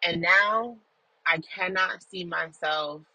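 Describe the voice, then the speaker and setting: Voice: medium pitch, slow pace, bright, forceful tone, breathy edge, rough recording. A person recording a casual audio journal in a car while driving, telling a story in an emphatic, profane way. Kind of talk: casual venting monologue.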